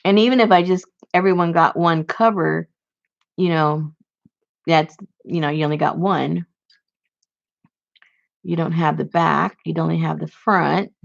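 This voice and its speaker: A woman with a low-pitched, gravelly voice chats about her crafts with viewers, rambling from thought to thought and full of fillers and restarts. The sound is dull and lo-fi. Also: unhurried, long pauses. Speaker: crafting channel host. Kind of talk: casual crafting chat to viewers.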